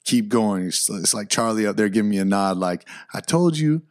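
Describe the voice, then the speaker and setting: A man's voice: lowish voice, brisk. Hyped, slangy young man podcaster. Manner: hyped, excitable, slangy, breaks into loud outbursts. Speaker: podcast host. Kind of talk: casual solo podcast storytelling.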